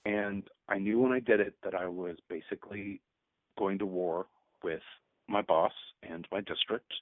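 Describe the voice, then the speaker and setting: A man's voice: deep voice, fairly even intonation, normal speed, no room sound. A man in his fifties, a teacher and guest on a radio show, speaking earnestly and at times choked up. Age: 50s. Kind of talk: emotional radio interview. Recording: tinny phone line.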